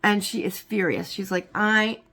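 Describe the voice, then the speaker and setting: A woman's voice: lowish voice, unhurried. Rambling woman retelling a movie plot. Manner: rambling, heavy with "like" and "you know"; breaks off for small asides. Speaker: movie explainer.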